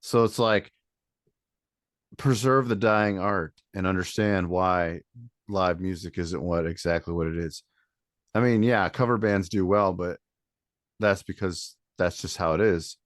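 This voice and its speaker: Musician guy from michigan, deep voice, rambly and easygoing, dry mic. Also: a little slow, dry recording. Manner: laid-back, chuckling, rambling. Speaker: band member guest. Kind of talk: casual interview chat.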